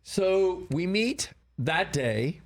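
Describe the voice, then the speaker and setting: A man's voice: high voice, drawn-out words. An older man, a film producer, telling rambling stories as a studio guest. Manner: rambling anecdotes, animated quoting. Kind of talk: casual interview storytelling. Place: broadcast studio.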